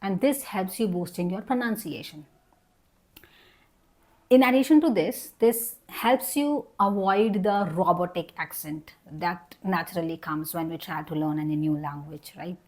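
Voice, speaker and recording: A woman's voice: on the low side, measured pace, darkish tone. A young adult woman teaching an online English lesson. She explains each point patiently, repeats herself and models example sentences.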